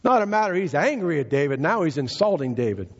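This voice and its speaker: Husky, lively-pitched male preacher. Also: fast. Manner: emphatic, repeats key phrases, paraphrases scripture in casual speech. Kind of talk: sermon. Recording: dull lo-fi recording.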